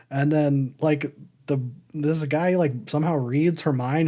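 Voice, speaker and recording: A man's voice: mid-range voice, fairly even intonation, normal speed, warm tone. A man co-hosting a podcast in casual chat, rambling and wry, hedging as he goes. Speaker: podcast co-host.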